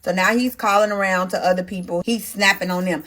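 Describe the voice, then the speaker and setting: This is a woman talking through a personal storytime for her followers, casual and full of feeling. She speaks to the audience directly, animated and emotional as she relives each turn. Her voice sits at an ordinary middle pitch for a woman. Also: brisk. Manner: emotional, animated retelling that addresses viewers directly. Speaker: storytime vlogger. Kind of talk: casual storytime narration to viewers.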